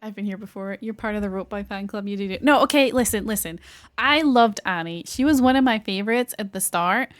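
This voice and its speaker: A young woman streamer talks casually in a mid-pitched voice, rambling and gushing with plenty of fillers. She swears now and then and drifts from thought to thought. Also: a little fast. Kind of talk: casual chat.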